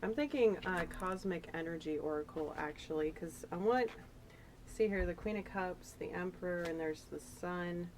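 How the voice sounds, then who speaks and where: Woman, tarot reader, chatty and emotional, rambling, lowish voice. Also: moderate pace, darkish tone, slight background noise, poor audio. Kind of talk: casual spiritual tarot reading.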